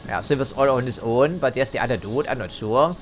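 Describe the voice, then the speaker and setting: A man's voice: medium pitch, fairly quick, slight background noise. A man giving casual let's play commentary, chatty, hedging and dryly critical as he plays.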